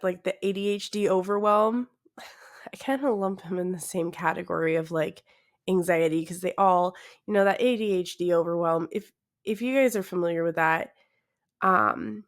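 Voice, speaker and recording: Woman podcast host, young, unhurried delivery, sleepy and self-conscious, frequent laughs. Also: medium pitch. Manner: awkward, self-deprecating, laughs often. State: tired, yawning. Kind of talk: casual solo podcast chat.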